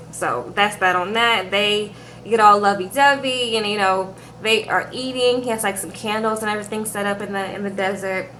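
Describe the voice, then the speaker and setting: A woman's voice: mid-range voice, moderate pace, bright, forceful tone, slight background noise. A woman giving a chatty, sassy recap of a reality TV show to her viewers in a casual vlog, calling them girl and y'all. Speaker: reality TV reviewer.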